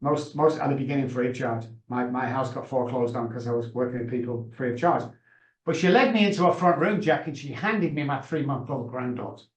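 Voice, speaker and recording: A man's voice: medium pitch, a little fast. Passionate man in a roomy echo. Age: middle-aged. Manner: passionate, emphatic. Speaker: guest, addiction consultant. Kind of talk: emotional storytelling. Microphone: video call.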